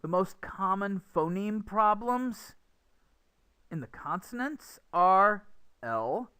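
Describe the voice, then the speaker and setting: Young guy teaching pronunciation, kinda high bright voice, explains step by step, repeats words a lot. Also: lively intonation, slow, clear, resonant tone. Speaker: English teacher. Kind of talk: recorded pronunciation lesson.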